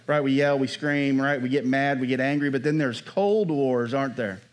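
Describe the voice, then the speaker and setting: A pastor preaching a sermon in a conversational way, often checking in with the congregation by asking "Amen?" and "right?". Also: male voice, medium pitch, normal speed.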